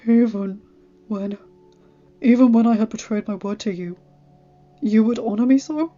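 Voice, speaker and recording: A woman reading as a grieving grown lord in an audiobook, soft and subdued, close to a whisper at times. The sound is dull and lo-fi. Faint music plays underneath. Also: on the high side, moderate pace, close to an everyday voice. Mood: moved. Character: grieving lord, grown man, quiet and earnest.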